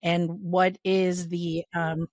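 A woman's voice: on the low side, level tone, slow, a little mellow, dry recording, studio quality. A woman from Chicago co-hosting a podcast, asking curious, upbeat questions. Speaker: podcast co-host. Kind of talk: casual interview chat.

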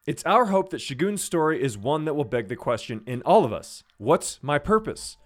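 A man's voice: fairly high pitch, very animated, moderate pace, no echo. A man hosting a podcast, introducing the episode and the guest in a friendly, chatty way with many fillers. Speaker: podcast host.

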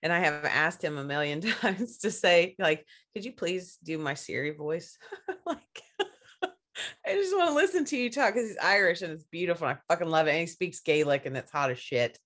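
A woman's voice: on the low side, lively intonation, normal speed, fairly bright tone. A woman co-hosting a casual podcast chat, talking frankly and laughing often. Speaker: podcast co-host.

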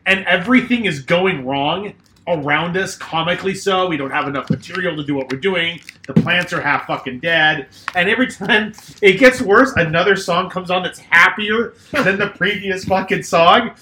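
A man's voice: high-pitched, normal speed, bright, forceful tone, echoey room, slight background noise. A man co-hosting a podcast, telling a rambling story full of swearing and fillers. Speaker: podcast co-host. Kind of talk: casual storytelling.

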